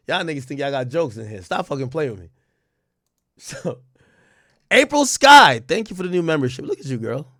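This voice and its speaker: A male live streamer talking to his chat in animated, profane street slang, laughing often. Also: fairly high pitch, normal speed, pauses often, dry recording, studio quality. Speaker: streamer host.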